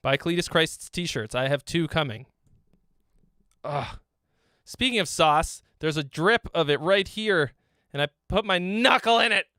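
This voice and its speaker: A man's voice: on the high side, unhurried, sharp tone, no room sound, clean studio sound. A man hosting a live stream song critique, joking, teasing and swearing as he gives feedback. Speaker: host, songwriting critic.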